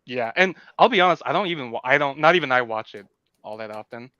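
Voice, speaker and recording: Earnest bright-voiced man, casual chat. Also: medium pitch, fast, smooth, lo-fi sound. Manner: earnest, restarts often, animated. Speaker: podcast co-host. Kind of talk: casual film discussion.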